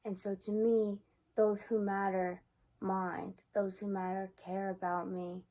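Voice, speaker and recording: A woman's voice: medium pitch, little pitch movement, slow pace, mellow. A young woman talking casually to her camera in a vlog, rambling and musing, sometimes exasperated. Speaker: vlogger.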